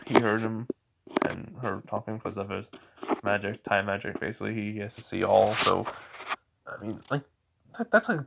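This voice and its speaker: A man narrating a fan story in a rambling, halting way, often correcting himself. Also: on the low side, creaky, very noisy.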